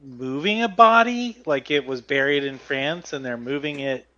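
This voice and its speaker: A man's voice: mid-range voice, normal speed, bright, forceful tone, dry recording, dull audio. A man playing a tabletop game, thinking aloud with hesitation. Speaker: player.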